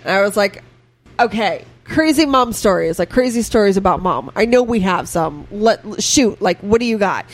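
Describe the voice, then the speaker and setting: A woman co-hosting a podcast, telling family stories in a relaxed way and laughing between lines. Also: medium pitch, moderate pace. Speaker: podcast co-host. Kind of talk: casual chat.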